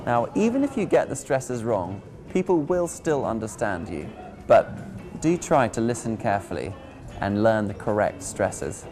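A man presents a pronunciation lesson in a scripted, teacherly way. He speaks slowly and deliberately, spelling out endings letter by letter. His pitch moves a lot, which keeps the delivery animated. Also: soft background music. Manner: slow, deliberate, spelling out words.

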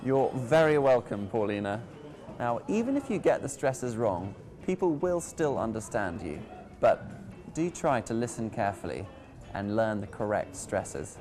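A man teaching English pronunciation in a scripted lesson, playful and deliberate as he spells out words. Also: mid-range voice, sing-song, a little mellow, soft background music.

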